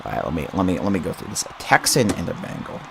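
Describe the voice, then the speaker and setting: A young man hosting a casual livestream into a boom-arm mic. He giggles often, rambles, repeats words and mocks himself. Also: big pitch swings, fast, gravelly, noisy background. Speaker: livestream host.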